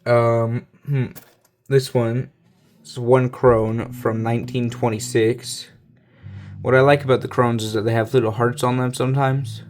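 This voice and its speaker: A man's voice: medium pitch, little pitch movement, measured pace, slight background noise. A man casually talking through a pile of coins he is sorting, rambling with lots of fillers and self-corrections. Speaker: coin collector.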